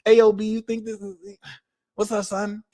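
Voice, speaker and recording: A man's voice: sits high, completely flat delivery, moderate pace, dark tone, no echo, studio quality, pitched above the performer's own voice, close to an everyday voice. A man voicing a menacing male gangster with an attempted New York accent, who taunts in street slang. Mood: taunting.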